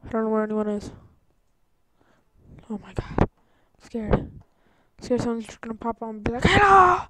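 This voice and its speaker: A woman's voice: fairly high pitch, flat delivery, moderate pace, dark tone, low-quality recording. A young woman from Canada giving jittery, easily startled let's-play commentary on a video game, talking to herself as she goes. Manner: jittery, easily startled, rambling self-talk. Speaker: gaming YouTuber.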